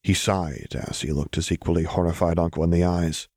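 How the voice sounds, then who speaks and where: A man narrating a serialized fan story in a calm, measured way. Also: low-pitched, no room sound, studio quality. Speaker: audiobook narrator. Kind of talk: scripted fanfiction narration.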